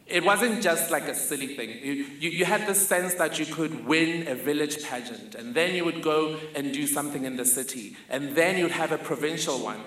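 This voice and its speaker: A man's voice: a little high, sharp tone. A young man telling a wry, vivid personal story on stage. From South Africa. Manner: vivid, wry, self-mocking. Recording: echoey hall, faint ambience.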